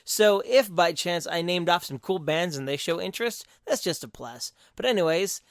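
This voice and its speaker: A man's voice: high-pitched, lively intonation, moderate pace, no room sound, clean studio sound. Crude, rambling male podcast co-host. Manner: crude, rambling and self-mocking, with sudden loud bursts and quiet mutters. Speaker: podcast co-host reviewing metal albums. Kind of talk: casual solo segment, reading from a list.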